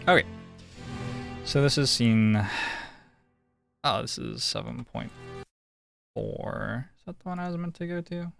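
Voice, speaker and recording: A man streaming a detective game, musing slowly and thinking aloud as he works through each scene. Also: medium pitch, lively intonation, gravelly, soft background music. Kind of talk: casual let's-play commentary.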